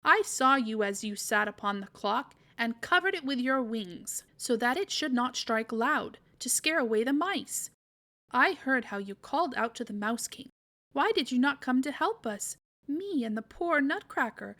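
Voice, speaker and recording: A woman's voice: high-pitched, lively intonation, moderate pace, pushed and bright, exaggerated voice. A woman voicing a sick young girl who speaks in a plaintive, reproachful way in a read-aloud storybook. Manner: plaintive, pleading.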